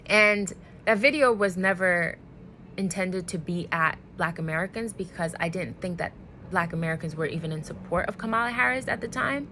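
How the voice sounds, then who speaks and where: A woman speaking earnestly and deliberately to camera, emotionally worn out. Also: fairly low pitch, pushed and bright, a little hiss or hum, rough recording. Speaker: social media creator. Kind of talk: direct-to-camera commentary video.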